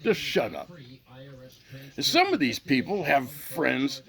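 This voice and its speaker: A man's voice: a little high, huge pitch swings, slow pace, gravelly, fairly bright tone. A middle-aged man hosting his own channel, in a heated, profane, unscripted rant to the camera that repeats itself as he goes. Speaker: channel host.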